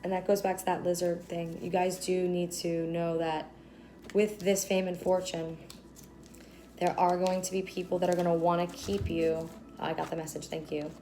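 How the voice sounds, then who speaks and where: A woman's voice: fairly low pitch, warm tone, slight background noise, low-quality recording. A woman giving a casual tarot reading to her viewers, loose, profane and affirming. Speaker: tarot reader. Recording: music playing under the voice.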